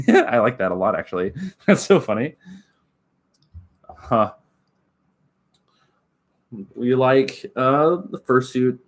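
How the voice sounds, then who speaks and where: A man's voice: mid-range voice, very animated, slow pace, pauses often. Giggly rambling male streamer. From Oklahoma. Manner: rambling, giggly, heavy use of filler words. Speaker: livestreamer. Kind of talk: casual chat with live viewers.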